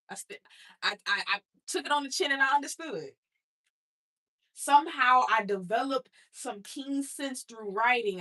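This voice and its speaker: Bright, husky woman speaking candidly. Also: fairly high pitch. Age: adult mother. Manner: blunt, streetwise, addresses listeners as y'all. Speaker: speaker sharing her life story. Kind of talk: motivational personal talk.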